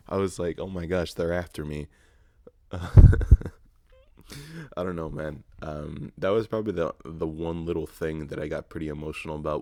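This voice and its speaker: A man's voice: extremely low pitch, a little mellow, dry recording, studio quality. A man in his early twenties hosting a solo podcast, telling a rambling, profane, self-mocking story in casual chat. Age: early 20s. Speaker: podcast host.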